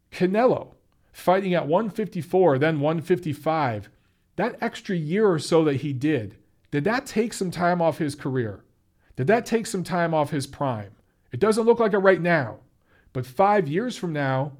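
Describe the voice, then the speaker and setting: A man's voice: a little high, a little mellow. A man giving blunt, opinionated boxing commentary straight to his viewers, swearing casually and repeating himself for emphasis.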